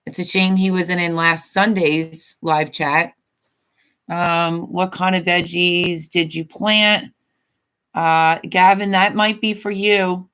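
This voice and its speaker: Chatty, lower-pitched woman live-streaming. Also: level tone, slow, fairly bright tone, smooth. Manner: chatty and rambling, reads viewer comments aloud. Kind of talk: casual live-stream chat.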